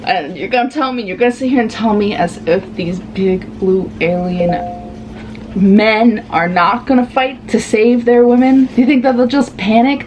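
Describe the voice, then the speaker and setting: A woman chatting casually in a reading vlog, giving animated, sassy commentary on a book and laughing often. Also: fairly high pitch, moderate pace, a little hiss or hum. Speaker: book vlogger.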